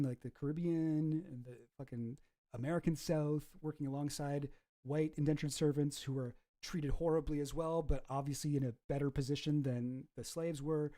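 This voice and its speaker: A man hosts a casual reaction commentary in a somewhat high voice, ranting profanely. His tone stays dark and mellow, and he breaks off and restarts his sentences often. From Canada. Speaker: commentary host.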